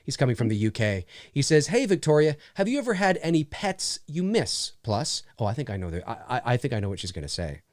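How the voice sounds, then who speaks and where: A chatty man hosting a casual livestream, reading viewer questions aloud and laughing often. His pitch jumps around a lot as he talks. The sound is dry and close, with no room behind him. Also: big pitch swings, fairly quick, few pauses, no room sound. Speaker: livestream host.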